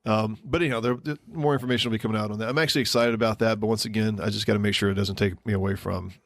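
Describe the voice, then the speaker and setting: Fast-talking man with a lowish voice. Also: steady tone, fairly bright tone, no room sound, studio quality. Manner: rambling, with many ums and restarts. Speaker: podcast co-host. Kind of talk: casual podcast chat.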